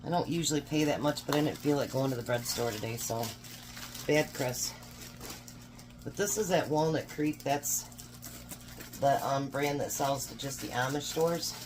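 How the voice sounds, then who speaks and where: Low-voiced chatty Midwestern woman cooking. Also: moderate pace, a little mellow, a little hiss or hum. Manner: chatty, self-deprecating, laughs at herself. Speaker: cooking vlogger. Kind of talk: casual cooking chat. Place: home kitchen.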